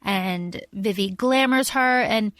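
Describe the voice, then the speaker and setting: A woman's voice: mid-range voice, slow, fairly bright tone, dry recording. A woman co-hosting a podcast, explaining points with examples in casual chat. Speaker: podcast co-host.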